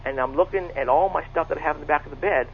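Gravelly man on a tinny phone line. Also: on the high side, racing, slight background noise. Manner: earnest, repeats himself, restarts often. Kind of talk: first-person storytelling.

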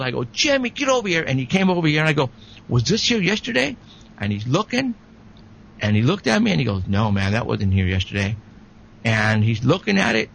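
Gravelly bright-voiced man telling a story. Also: mid-range voice, a little hiss or hum, low-quality recording. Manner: excited, halting storyteller with many restarts. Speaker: paranormal investigator guest. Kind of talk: storytelling in a radio interview.

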